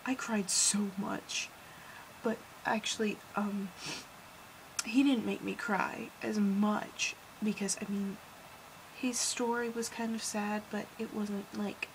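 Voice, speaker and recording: A teenage girl giving a casual, gushing film review vlog, rambling, dropping into whispers and then bursting out louder. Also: medium pitch, fairly even intonation, takes it slowly, a little hiss or hum, rough recording. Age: teens. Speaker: vlogger.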